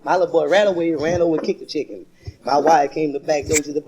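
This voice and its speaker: A man's voice: fairly high pitch, fairly even intonation, quick pace. A man doing a folksy stand-up comedy routine, telling stories and laughing at his own jokes. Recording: noisy vintage live recording.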